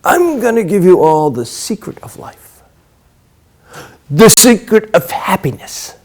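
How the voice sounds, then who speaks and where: Loud Russian healer, heavy accent, high and shouty. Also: male voice, very animated, full character voice. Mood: grandiose. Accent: Russian, as imitated. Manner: shouting, rapid-fire proclamations.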